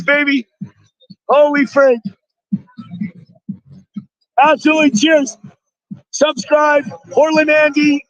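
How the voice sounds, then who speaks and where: A man live-streaming outdoors at a rally, excitably shouting thanks to donors with a strained voice. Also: very high-pitched, dry recording, muffled recording. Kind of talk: excited live-stream chatter reading donations.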